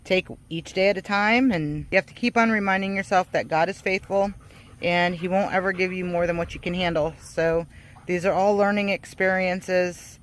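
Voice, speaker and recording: A woman chatting casually to camera while her husband works on the farm, talking warmly about faith and laughing often. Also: fairly low pitch, steady tone, moderate pace. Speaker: farm vlogger.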